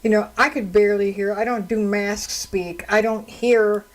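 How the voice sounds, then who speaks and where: A woman's voice: mid-range voice, steady tone, normal speed, low-quality recording. A woman radio host and counselor talking on her own into a studio microphone, telling stories in an indignant, conversational way. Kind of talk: solo radio talk commentary.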